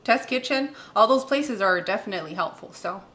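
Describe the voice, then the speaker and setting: A woman's voice: mid-range voice, expressive, a little fast, a bit bright. A woman in her thirties hosting a cooking channel, chatting casually and giggling as she bakes in her home kitchen. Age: 30s. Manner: chatty and giggly, counts aloud while working.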